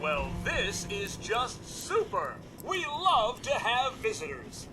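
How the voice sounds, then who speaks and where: A man's voice: very high voice, huge pitch swings, slow pace, exaggerated voice. A man playing a cheery robot butler who runs trades like a game-show host. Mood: showy. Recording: game audio with music behind. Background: game music.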